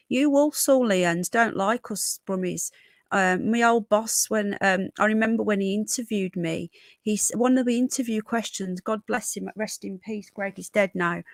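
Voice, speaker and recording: A woman's voice: mid-range voice, dry recording, studio quality. A woman from Birmingham with a toned-down Brummie accent touched by Yorkshire, chatting casually as a livestream host and reading out viewer comments. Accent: toned-down Birmingham with a bit of Yorkshire. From Birmingham, England. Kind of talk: casual live-stream chat reading comments.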